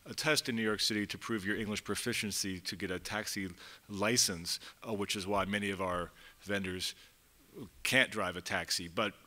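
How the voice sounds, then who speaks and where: A man's voice: lowish voice, steady tone, moderate pace, bright, forceful tone. A man speaking for a vendors' group on a conference panel, telling members' stories in a plain, conversational way. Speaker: advocate for street vendors. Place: conference hall.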